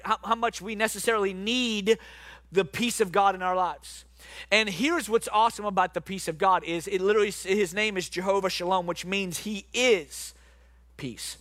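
A man's voice: sits high, moderate pace, a bit bright, no room sound. A male pastor preaching a sermon, calling out to his congregation and reading scripture aloud. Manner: preaching with call-outs to the congregation.

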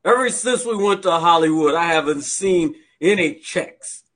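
This is a talking horse star with a grudge against the farmer who owns him, as a man plays him. The voice sits a little high and sounds indignant and complaining. It is part of an improvised comedy bit. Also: normal speed, fairly bright tone. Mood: resentful.

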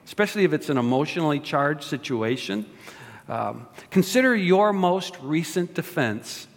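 Slow-speaking pastor in a reverberant hall. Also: male voice, fairly high pitch. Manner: joking, asks the congregation questions. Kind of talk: sermon with prayer. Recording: long reverb of a large hall.

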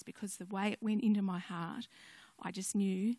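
An older woman giving a personal testimony sermon, telling stories gently with conversational asides. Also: mid-range voice, fairly even intonation, normal speed, hardly any pauses, dry recording. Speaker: speaker sharing a devotional message.

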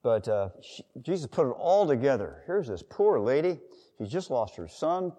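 A man preaching a sermon, his voice rising and falling with lively inflection. He talks in a loose, conversational way and acts out little quotes. The sound hangs in a big hall with a long tail of reverb. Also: mid-range voice, normal speed. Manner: conversational, with acted-out quotes and asides.

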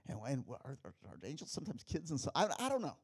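A man preaching to his congregation, his husky voice rising and falling freely as he tells a story. He keeps asking rhetorical questions and making declarations of faith. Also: mid-range voice, wildly swooping pitch, fast. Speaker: pastor. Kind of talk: sermon with personal story.

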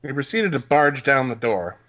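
A man's voice: medium pitch, big pitch swings, normal speed, fairly bright tone. Man reading a story, muffled audio. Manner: reads aloud, laughs often. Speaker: podcast co-host reading a story. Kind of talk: casual comedic story reading.

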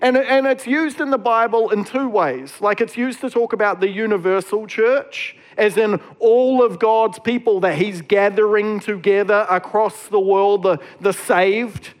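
High-voiced man preaching casually. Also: a little slow, hardly any pauses. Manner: casual, conversational preaching with many fillers. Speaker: pastor. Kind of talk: sermon.

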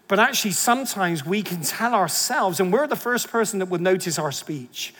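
A man's voice: high-pitched, expressive, normal speed, few pauses, a bit bright. A man preaching a sermon in a conversational way, repeating and stressing key phrases. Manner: conversational preaching, emphatic repetition. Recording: long hall reverb.

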